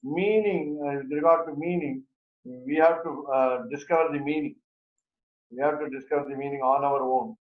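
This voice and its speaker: A man's voice: fairly high pitch, steady tone. Hesitant older-sounding male teacher, roomy dull sound. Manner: halting, many fillers and restarts. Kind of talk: Sanskrit grammar class discussion.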